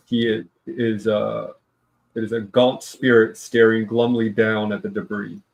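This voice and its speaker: A man narrating a tabletop game as dungeon master, halting and full of pauses. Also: on the low side, level tone, gravelly.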